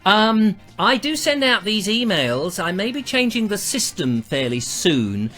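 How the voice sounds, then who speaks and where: A chatty man hosts a live stream with a high, bouncing voice that climbs and dips all the time. His tone is bright and forward, and he jokes at his own expense. Faint music plays behind him. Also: sing-song, measured pace. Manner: chatty, jokey, self-mocking. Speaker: host. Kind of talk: live show chat.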